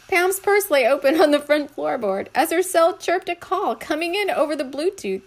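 A middle-aged woman reads from her own novel in a casual way. Her voice sits slightly high. She keeps dissolving into giggles and fumbling her words. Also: animated, normal speed, hardly any pauses. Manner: keeps breaking into giggles and stumbling over words. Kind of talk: casual reading aloud.

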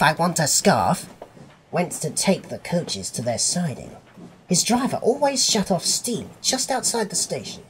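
A man reading a children's railway story aloud as the regular storyteller, in an expressive, unhurried manner. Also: a little high, slight background noise.

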